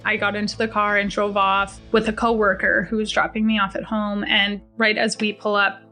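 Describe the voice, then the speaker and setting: Young woman, mid-pitched voice, casual first-person storytelling, faint music underneath. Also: little pitch movement, moderate pace, pushed and bright. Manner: conversational, acts out the dialogue in quotes. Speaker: guest storyteller. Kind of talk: first-person true story told to a podcast.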